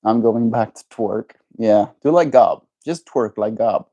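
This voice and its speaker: A man's voice: on the low side, a little slow, dark tone, dull audio. A man livestreaming, musing in loose casual chat and answering his viewers' messages.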